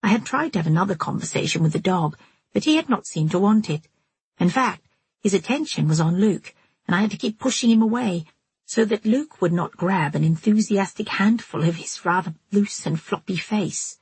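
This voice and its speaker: A woman reading a first-person novel aloud as an audiobook narrator, in a measured, steady manner. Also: mid-range voice, slightly rough, dry recording.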